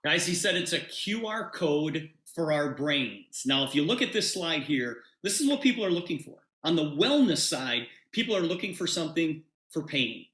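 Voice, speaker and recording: During a sales presentation for a business opportunity, a man narrates a story and animatedly plays both parties in a quoted conversation. He speaks at a moderate pace in a voice on the high side, pausing little. There is a roomy echo in the recording.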